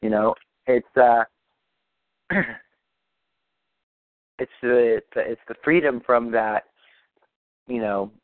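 A man's voice: medium pitch, fairly even intonation, takes it slowly, long pauses, no room sound. A man leading a practitioner call, talking in a meandering, reassuring way and often repeating himself. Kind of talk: casual coaching talk. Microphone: phone or call line. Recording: phone-like dry line.

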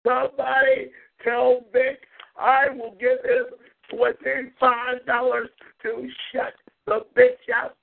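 A man's voice: very high voice, completely flat delivery, slow pace, vocal fry. A man hosting a talk show, ranting profanely, taunting rivals and repeating a catchphrase. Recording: tinny phone-like audio.

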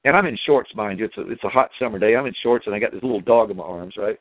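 A male caller telling a long story on a call-in show, animated and acting out his own dialogue. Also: on the low side, fast, no echo. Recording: dry phone line.

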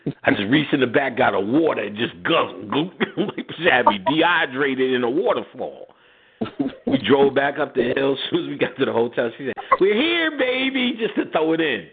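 A man hosting a radio show, spinning a rambling profane story and breaking into laughter, his pitch leaping all over as he acts out each person in it. His voice is a bit husky, and it comes through a thin, phone-like line. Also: lively intonation, fairly quick.

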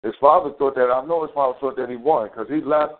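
A man's voice: mid-range voice, quick pace. A man hosting a casual live talk show, ranting in a heated, profane, rambling way. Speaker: show host. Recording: tinny phone-quality audio.

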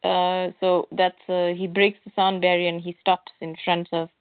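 A woman's voice: on the low side, little pitch movement, normal speed, smooth, no echo. A woman co-hosting a podcast, chiming in casually with short remarks. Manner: chimes in with short remarks and laughs. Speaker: podcast co-host. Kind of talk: casual chat. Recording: dry, tinny phone-like line.

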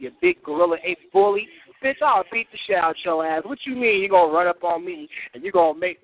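High-voiced man trash talking over phone. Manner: profane, boastful, laughing. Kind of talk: heated trash talk. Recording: tinny phone-like line.

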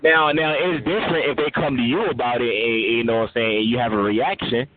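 A man's voice: mid-range voice, steady tone, a little fast. A man on a chat line, earnestly lecturing about rumors and caring what people think. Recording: noisy phone line.

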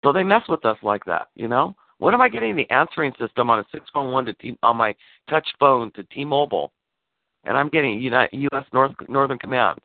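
A man telling an animated story over a call, gravelly and full of cursing as he acts out what was said. His voice is dry, with a tinny phone-line sound. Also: mid-range voice, brisk, no room sound. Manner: animated storytelling, swearing, acting out quoted lines. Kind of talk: casual phone chat.

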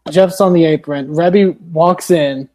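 A man's voice: a little high, unhurried, a little mellow, a little hiss or hum. A man co-hosting a podcast, recapping with sarcastic, profane remarks in casual chat. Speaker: podcast co-host.

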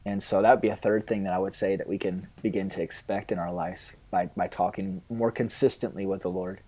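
A man, a pastor, answering interview questions in an earnest, halting way, often quoting his own prayers. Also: low-pitched, fairly even intonation, dark tone.

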